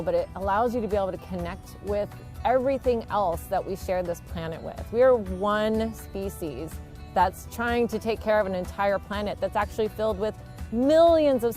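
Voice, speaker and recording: A woman's voice: medium pitch, darkish tone. A woman speaking earnestly and reflectively to the camera, explaining her views. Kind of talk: earnest talking-head explanation.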